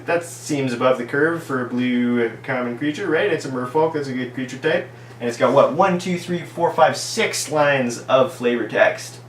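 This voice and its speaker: A man's voice: mid-range voice, moderate pace, a bit bright. A man reviewing trading cards in a casual, ironic way, reading out card text and heaping mock praise on every card. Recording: echoey room, distant mic, faint hum.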